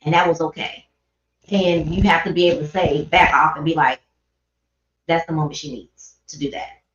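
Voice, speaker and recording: A woman's voice: sits low, steady tone, moderate pace. A woman hosting a livestream, talking about grief in an earnest, rambling, conversational way. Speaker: livestream host. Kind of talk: casual personal talk on grief. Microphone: livestream microphone. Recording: roomy, dull livestream audio.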